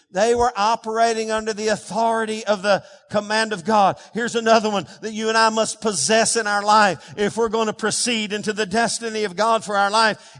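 High-voiced preacher in an echoing hall. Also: male voice, fairly bright tone. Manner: emphatic, call-and-response with the congregation. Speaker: pastor. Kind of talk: sermon. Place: church sanctuary. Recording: long reverb of a large hall.

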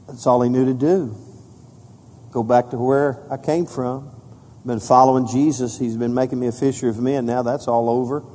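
Husky preacher in a reverberant hall. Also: male voice. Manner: preaches with rising emphasis, drops soft and low for solemn points. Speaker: pastor. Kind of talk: sermon.

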